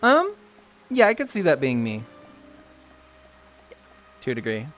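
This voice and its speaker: A man's voice: mid-range voice, huge pitch swings, unhurried, a bit bright, soft background music. A man chatting casually on a stream, joking around and coaching another player through a game. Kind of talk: casual gaming chat.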